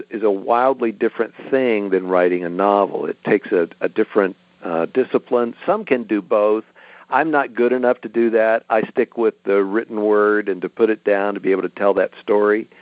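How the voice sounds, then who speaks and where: A middle-aged man, an author being interviewed, explaining his work in a relaxed, storytelling way. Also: lowish voice, dry recording. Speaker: author guest. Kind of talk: interview over a phone line. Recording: tinny dry phone line.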